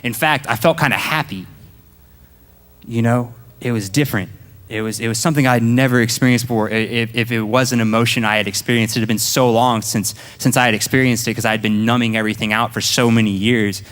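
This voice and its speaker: A man's voice: mid-range voice, fairly even intonation, quick pace, a bit bright, long reverb tail. A young man tells his personal testimony to a church congregation in a casual storytelling way. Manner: casual, storytelling, acts out his past self. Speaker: church speaker giving testimony.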